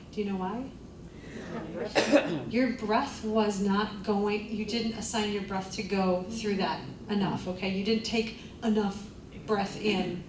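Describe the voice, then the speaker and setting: A woman vocal coach leading a group singing class, encouraging the students and singing vowels to demonstrate. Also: mid-range voice. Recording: roomy, distant mic, loud music.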